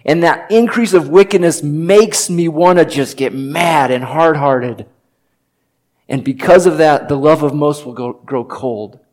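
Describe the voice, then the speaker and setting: Middle-aged man, pastor, sermon, earnest personal stories, conversational, light jokes, mid-pitched voice. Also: a little mellow. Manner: joking asides.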